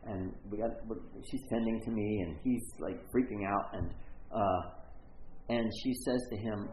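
A man's voice: on the low side, measured pace, darkish tone, a little hiss or hum. A middle-aged man teaching a Bible story in a conversational, rambling way, often interrupting himself. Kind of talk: storytelling sermon. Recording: echoey phone-like recording.

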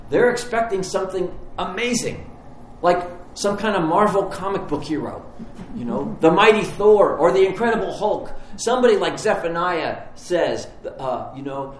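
A man's voice: sits high, a little hiss or hum. Conversational male pastor in a roomy hall. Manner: conversational, vivid storytelling. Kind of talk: sermon. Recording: roomy hall, faint ambience.

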